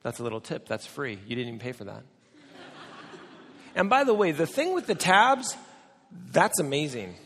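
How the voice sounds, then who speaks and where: A man's voice: a little high, huge pitch swings, normal speed, long pauses, sharp tone. A middle-aged American man preaching a sermon, telling a story with joking asides to the audience. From United States. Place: large church or conference hall. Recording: long hall reverb.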